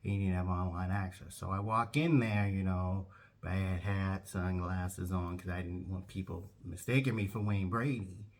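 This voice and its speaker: A man telling a comic anecdote who acts out every voice in an animated way. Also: low-pitched, normal speed. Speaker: comedic storyteller.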